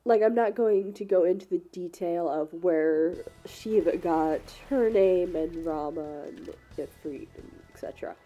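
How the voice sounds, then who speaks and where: A woman with a cold speaks slowly in a mellow, low-pitched voice, congested and sniffly. She hosts casual gameplay commentary, rambling and apologizing, full of "uh"s and "um"s. Faint music plays behind her. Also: lo-fi sound. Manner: apologetic, rambling with many fillers. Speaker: gaming channel host.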